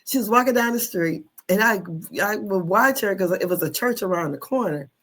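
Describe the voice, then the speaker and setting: A woman in her fifties telling a childhood story in a casual monologue, animated, with slang, cursing and frequent laughter. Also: mid-range voice, a little fast. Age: 50s. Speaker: online commentator.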